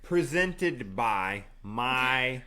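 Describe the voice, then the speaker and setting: Man, middle-aged, mid-pitched voice, casual live-stream host, upbeat promoter. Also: expressive, drawn-out words, sharp tone. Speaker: host, rapper.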